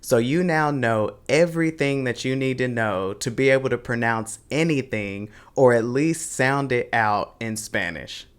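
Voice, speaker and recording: Man, language teacher, online lesson wrap-up, smooth clear voice, mid pitch. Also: a little slow, hardly any pauses. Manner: upbeat lesson wrap-up, mixing in words of another language.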